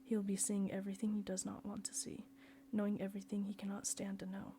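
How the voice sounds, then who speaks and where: A woman reading a novel aloud in a soft, often near-whispered way. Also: mid-range voice, monotone, quick pace, slight background noise. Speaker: reader.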